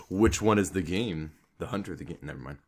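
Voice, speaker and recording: A man's voice: deep voice, slight background noise. A man co-hosting a casual podcast, joking around and tripping over names. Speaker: podcast co-host.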